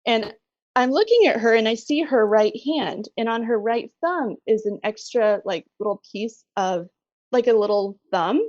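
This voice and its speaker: A middle-aged woman telling her story as a podcast guest, animated and laughing often. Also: fairly high pitch, normal speed, dry recording, highs cut off. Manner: animated retelling, laughs often, acts out quoted voices. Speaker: guest, bereaved mother. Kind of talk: conversational storytelling.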